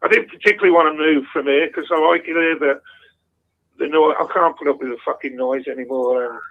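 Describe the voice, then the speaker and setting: A gravelly man rambles through a casual phone-in call, swearing freely as he goes. His voice sits a little high for a man and has a lot of fry. The line is dull and lo-fi. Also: a little fast. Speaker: caller.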